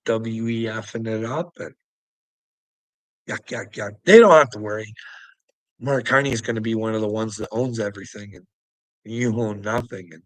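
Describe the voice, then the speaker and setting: A man's voice: lowish voice, no room sound, low-quality recording. A man ranting in a rambling video monologue, agitated and swearing heavily, close to the mic. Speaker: religious video commentator.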